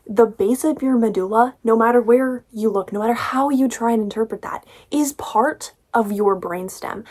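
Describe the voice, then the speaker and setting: A woman's voice: a little high, darkish tone. A young woman reviewing a book in a casual vlog, ranting with sarcastic exasperation and swearing freely.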